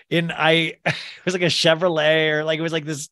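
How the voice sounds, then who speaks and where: Bright-voiced man, rambling podcast host. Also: a little high, level tone, unhurried, no echo, studio quality. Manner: rambling, laughing, self-mocking. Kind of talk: casual podcast chat.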